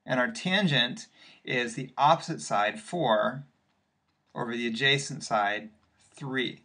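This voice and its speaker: Man, math teacher, mid pitch, patient, step-by-step explaining. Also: slow pace, bright, forceful tone. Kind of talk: recorded classroom lesson walking through examples.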